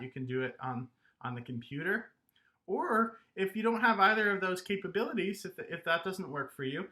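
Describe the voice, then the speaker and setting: A man's voice: fairly high pitch, sharp tone. A man teaching an online music lesson to young children, encouraging and speaking straight to his students.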